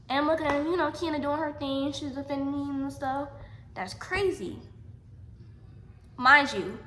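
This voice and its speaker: A woman's voice: high voice, fairly bright tone, reverberant, slight background noise. A woman telling a storytime vlog emphatically, repeating her points and calling her viewers y'all. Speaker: vlogger.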